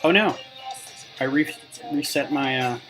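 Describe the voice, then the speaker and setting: A man's voice: medium pitch, measured pace, rough recording. A man live-streaming as he builds, chatting with viewers in a rambling, casual way. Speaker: Lego designer live-streaming. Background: background music.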